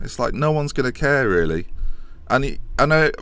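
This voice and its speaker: A young man with a hoarse voice from a chest infection, rambling and correcting himself as he streams a football management game and answers chat questions. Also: mid-range voice, lively intonation, fairly quick, a bit bright. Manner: chatty, rambling, restarts and self-corrections. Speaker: gaming streamer. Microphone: desk microphone.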